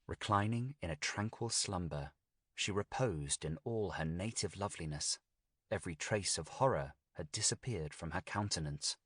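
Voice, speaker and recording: A man narrating a gothic tale as an audiobook reading, in a steady, deliberate storytelling manner. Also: sits low, breathy edge, no room sound, clean studio sound.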